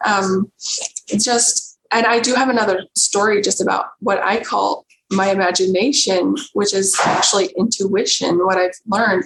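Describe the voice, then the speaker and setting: A woman guest on a podcast, telling a personal story in an earnest, emotional, halting way. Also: medium pitch. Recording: roomy echo with faint background noise.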